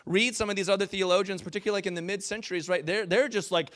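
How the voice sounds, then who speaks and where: Male pastor, informal sermon, animated and playful with the room, slightly high voice. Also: rapid-fire, hardly any pauses. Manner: animated, jokey, talks with the congregation. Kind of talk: conversational sermon.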